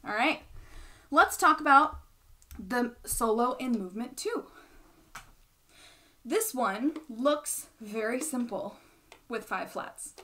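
A young woman with a slightly higher voice teaches patiently. She explains each point step by step and often checks in with a quick "right?". The tone is that of an instructional lesson. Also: animated, pushed and bright. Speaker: bassoon teacher.

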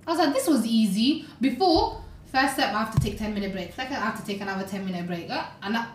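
A woman's voice: medium pitch, racing. A young woman chats on a podcast, her voice rising and falling as she tells stories, peppered with "like" and "you know". The sound is roomy and echoey, with a faint hum of ambience behind her. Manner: animated storytelling with many "like"s and "you know"s. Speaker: podcast co-host. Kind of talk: casual podcast chat.

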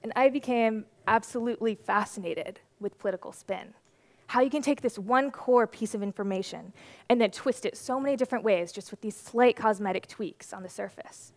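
A woman's voice: fairly high pitch, no echo. Young woman telling a story on stage. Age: 20s. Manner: lively, animated storytelling with quick laughs. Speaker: conference speaker. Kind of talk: storytelling conference talk. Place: stage at a conference.

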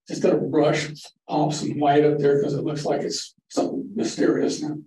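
A man's voice: on the high side, warm tone. Folksy older man giving a photo talk. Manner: folksy, anecdotal, rambling. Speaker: guest photography presenter. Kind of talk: casual slide-show talk. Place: library meeting room. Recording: echoey room from far off with faint hiss.

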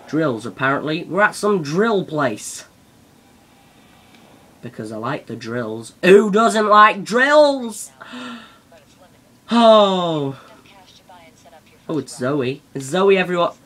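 A young man giving excitable let's-play commentary, yelping and shouting at the game as he plays. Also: fairly high pitch. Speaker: gaming channel host.

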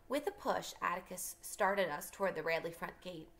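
Woman teacher, reading a novel aloud, bright voice, gravelly edge, pauses to explain. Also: lowish voice, lively intonation. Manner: stops to explain passages to students.

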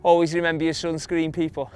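A young Englishman with an English accent, a long-distance runner, casually recounts stories from his run in an interview. His slightly high voice is clear, resonant and a touch mellow, delivered flatly and fairly quickly, with lots of fillers in his chatty anecdotes.

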